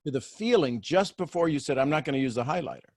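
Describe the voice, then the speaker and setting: Male coaching host, higher-pitched, animated, acts out voices, dry close recording. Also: quick pace, no room sound. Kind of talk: coaching call with participants.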